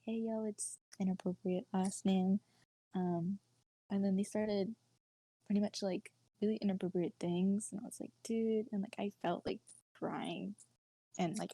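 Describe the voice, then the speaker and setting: Young woman, podcast co-host. Husky, soft-toned voice. Chatty, filler-heavy storytelling that dips to near-whispers. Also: medium pitch, no room sound, poor audio. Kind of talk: casual personal storytelling.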